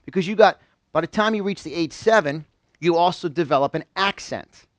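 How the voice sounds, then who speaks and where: High-energy motivational speaker man. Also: brisk, dry recording. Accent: New York. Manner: energetic, quizzes the audience with call-and-response. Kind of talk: live seminar talk. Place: seminar room with a small live audience.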